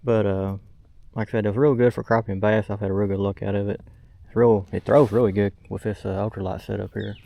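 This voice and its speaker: A man's voice: fairly low pitch, little pitch movement, quick pace, gravelly, dark tone, no echo. A young man, talking casually to a camera mounted on his kayak outdoors as he fishes, plainspoken with lots of fillers. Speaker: fishing vlogger. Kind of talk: casual outdoor vlog narration.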